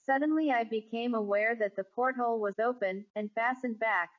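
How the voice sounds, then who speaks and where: A woman narrating a classic ghost story in a measured, even storytelling manner. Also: on the high side. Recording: dull lo-fi recording.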